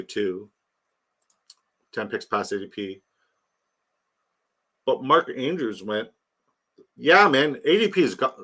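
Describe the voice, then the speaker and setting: A man's voice: fairly low pitch, bright, forceful tone. A young man chatting casually on a fantasy football stream, rambling and joking, swearing freely. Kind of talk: casual live-stream chat.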